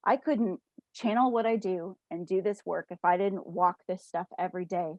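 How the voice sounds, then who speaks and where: A woman spirit medium as a guest in a casual video chat, telling a story in an excited, tumbling rush. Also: on the low side, normal speed, dry recording. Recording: dull, dry lo-fi audio.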